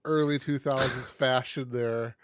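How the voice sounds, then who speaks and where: A man co-hosts a casual podcast and steers the chat back on track. He speaks slowly and unhurried. His voice sounds close and dry. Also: medium pitch, fairly even intonation, clean tone, dry recording. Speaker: podcast co-host.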